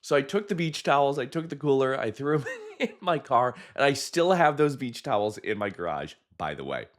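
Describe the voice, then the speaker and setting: A man, a hypnotist, telling a personal story in a chatty, animated way, with frequent laughs and fillers. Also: medium pitch, moderate pace. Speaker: hypnotist and video host.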